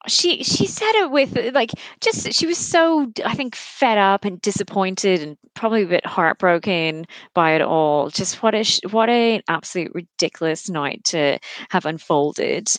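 A woman's voice: medium pitch, animated, measured pace, hardly any pauses, no room sound. A woman co-hosting a podcast, chatting casually and acting out quotes in mocking voices. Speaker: podcast co-host. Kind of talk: casual recap chat.

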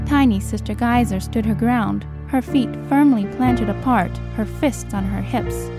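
A woman narrating an audiobook in a measured, dramatic style. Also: fairly high pitch, steady tone, music in the background. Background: cinematic score.

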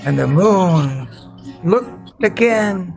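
A man telling a folktale in an improvised, slow and measured storytelling manner. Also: high-pitched, expressive, vocal fry, music in the background, low-quality recording. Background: veena accompaniment.

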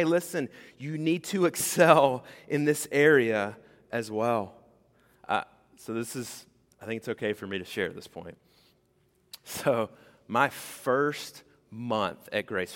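A man preaching a sermon to his church, animated and conversational, acting out the voices he quotes. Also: mid-range voice, big-room sound. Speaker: pastor. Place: church sanctuary.

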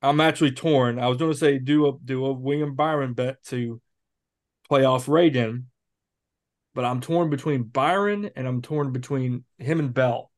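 A man's voice: mid-range voice, normal speed. A man in his thirties co-hosting a podcast, talking through sports bets in a rambling, self-correcting way. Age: 30s. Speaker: podcast co-host. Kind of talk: casual sports betting chat.

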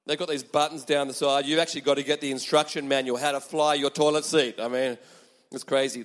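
A man preaching a sermon, emphatic and animated, with chatty asides to the congregation. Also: medium pitch, brisk, long reverb tail.

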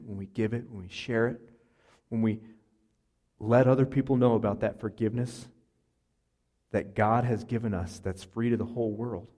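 A man's voice: medium pitch, dark tone. A man preaching a sermon, telling a personal story in an earnest, conversational way with fillers and restarts. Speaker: pastor.

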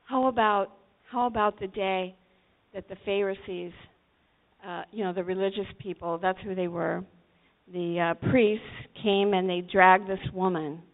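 A woman's voice: mid-range voice, fairly even intonation, unhurried. A woman preaching a sermon to teenagers, telling the story dramatically and acting out the voices. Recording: tinny phone-like recording.

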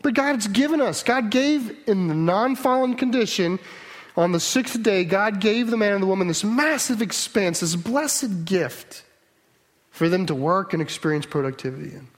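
A man with a fairly high voice preaching a sermon. He talks earnestly and with emphasis, often stopping to restart a thought or to put a rhetorical question to the listeners. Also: lively intonation, moderate pace.

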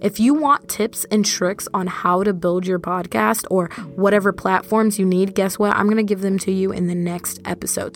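A young woman hosting her own podcast, talking casually and directly to her listeners in a relaxed, chatty monologue. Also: medium pitch. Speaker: podcast host.

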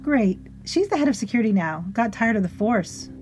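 Woman playing a brisk no-nonsense witch, loud and sharp, mellow voice. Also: a little high, expressive, faint music behind, lightly acted. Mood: breezy.

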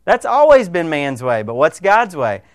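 Male pastor preaching a sermon: emphatic, rhetorical questions, slightly high, smooth delivery. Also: big pitch swings, normal speed, no echo, studio quality.

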